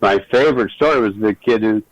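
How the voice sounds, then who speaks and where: A man's voice: lowish voice, a little fast, dry recording, muffled recording. A middle-aged man, a regular guest, talking earnestly and telling stories in a reflective conversation. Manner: earnest, storytelling.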